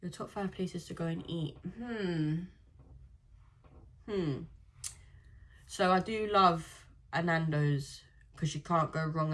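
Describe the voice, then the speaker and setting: A woman's voice: deep voice, gravelly, a little mellow. A young woman answering viewer questions in a candid, chatty vlog full of blunt slang. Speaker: vlogger. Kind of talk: casual Q&A vlog.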